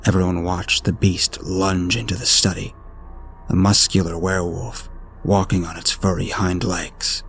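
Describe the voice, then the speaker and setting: A man narrating a horror story in a steady, ominous storytelling manner. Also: low-pitched, a little slow, gravelly. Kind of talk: scripted narration. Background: faint music.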